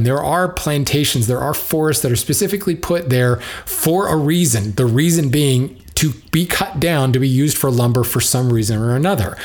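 A man's voice: medium pitch, a little mellow. A man in the lumber trade giving casual spoken commentary, musing and drifting between side thoughts as he thinks aloud. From United States.

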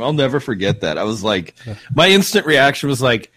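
A man's voice: mid-range voice, big pitch swings, brisk, a bit bright. A young man from Minnesota, rambling through a profane story in casual chat.

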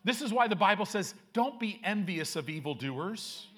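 Pastor guy preaching, high voice, lots of ups and downs, takes his time. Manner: lively preaching, slow emphatic phrasing, reads scripture aloud. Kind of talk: sermon.

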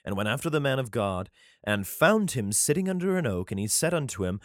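A man's voice: medium pitch, big pitch swings, a little fast, dry recording, studio quality. A man reading scripture aloud and breaking off for irreverent, swearing comic commentary. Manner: irreverent, profane asides, frequent laughs. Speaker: reader.

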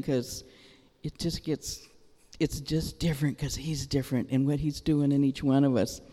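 Middle-aged woman preaching, lively storytelling testimony, big echoey hall, lots of reverb. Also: sits low. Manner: animated, exclaiming. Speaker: church speaker. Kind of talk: sermon testimony. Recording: long reverb of a large hall.

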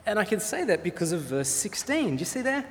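A man preaching a sermon in an earnest way, often pausing with fillers as he explains. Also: high-pitched, very animated, a little hiss or hum. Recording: reverberant hall sound.

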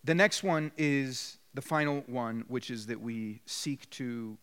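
A man's voice: medium pitch, slow pace, fairly bright tone, clear, resonant tone. A man preaching a sermon as pastor of his church, earnest and direct, acting out apologies as little bits of dialogue. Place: church sanctuary.

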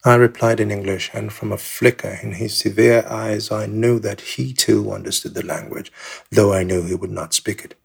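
Gravelly, husky male narrator. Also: lowish voice, fairly even intonation. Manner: measured, plain storytelling. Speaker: memoir narrator. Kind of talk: first-person audiobook narration.

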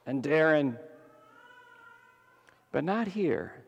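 Slow gravelly-voiced preacher guy, big echoey church hall, goes loud then hushed. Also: mid-range voice, very animated. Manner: dramatic, swings from loud emphatic to soft and hushed. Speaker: pastor. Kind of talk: sermon. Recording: long hall reverb.

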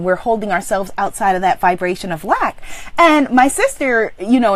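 Hosting a motivational coaching livestream on abundance, a woman with a fairly high-pitched voice reads viewers' comments aloud and showers them with exuberant affirmation. The audio carries no room sound.

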